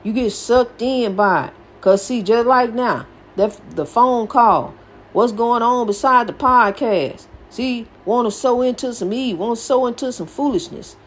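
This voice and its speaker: High-voiced older woman preaching. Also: measured pace. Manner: folksy and preachy, repeats phrases. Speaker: podcast host. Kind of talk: preachy motivational talk.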